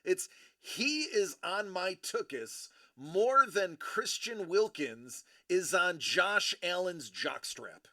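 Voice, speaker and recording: Animated, bright-voiced male stream host. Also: high-pitched, takes it slowly, hardly any pauses, no echo, studio quality. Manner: playful, self-mocking, theatrical. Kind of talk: casual joking banter.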